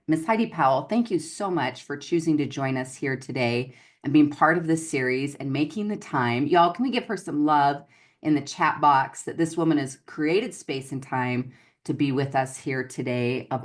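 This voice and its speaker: A woman's voice: rumbling low, moderate pace. A woman hosting an online gratitude series, introducing her guest in an effusive, gushing way. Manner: effusive and gushing, calls listeners "y'all". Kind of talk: enthusiastic livestream interview.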